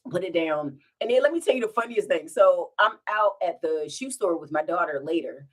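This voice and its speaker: A woman telling funny everyday stories to her viewers in a relaxed, chatty way. Her voice rises and falls with a lot of movement. She keeps giggling and breaking into laughter between lines. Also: fairly low pitch, a little fast. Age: adult with children. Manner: giggly, animated, bursts into laughter. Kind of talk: casual storytime.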